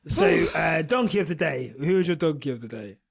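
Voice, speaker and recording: A man's voice: fairly high pitch, lively intonation, a little fast, vocal fry, breathy edge. A man hosting a motorsport podcast in a casual chat, rambling with restarts and breaking into laughter. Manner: rambling, laughs a lot, mimics drivers. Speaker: podcast host.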